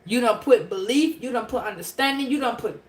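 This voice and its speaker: High-voiced woman preaching to her viewers. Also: lively intonation, a little fast, roomy sound. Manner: emphatic and preachy, repeats phrases, talks straight to viewers. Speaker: spiritual reader addressing a live chat. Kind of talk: casual live-stream spiritual message.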